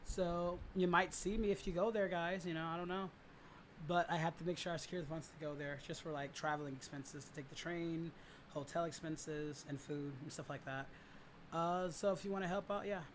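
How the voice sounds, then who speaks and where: A slightly hoarse man hosts a casual livestream, rambling along with plenty of fillers and restarts. His voice sits a touch high for a man. There is a faint background hiss behind him. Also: steady tone, brisk, poor audio. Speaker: livestream host.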